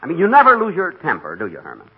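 A man's voice: fairly high pitch, huge pitch swings, very fast, husky, full character voice. A man starring in a 1940s radio comedy, talking in an exasperated, bickering way. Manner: exasperated, arguing with himself. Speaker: comedy star of the show. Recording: lo-fi old radio broadcast.

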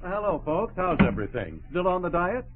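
A man's voice: high-pitched, big pitch swings, fairly quick, noisy background. Breezy joking man on old radio. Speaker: comedy radio sidekick. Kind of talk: 1940s radio acting. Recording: tinny old radio broadcast with audience.

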